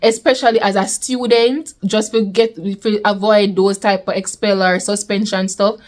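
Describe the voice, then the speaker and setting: A young woman with a Jamaican accent telling a storytime vlog in a lively way, slipping into patois. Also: medium pitch, moderate pace. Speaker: vlogger. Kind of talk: casual storytime.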